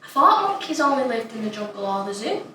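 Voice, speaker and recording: A woman's voice: on the high side, sing-song, fast, bright, forceful tone, a little hiss or hum. A woman playing an imaginative, chatty young child, delivering a dramatic monologue, childlike and plain-spoken. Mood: puzzled. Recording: roomy echo, distant mic, faint ambience.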